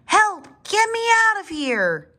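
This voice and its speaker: A woman's voice: huge pitch swings, slow pace, bright, forceful tone, full character voice. Woman voicing a tiny pleading baby dinosaur. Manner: high pleading cries.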